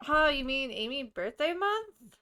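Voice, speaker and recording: A woman's voice: high voice, big pitch swings, unhurried, pushed and bright, dry recording, studio quality. A woman co-hosting a podcast in casual chat, laid-back and swearing casually between laughs. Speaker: podcast co-host.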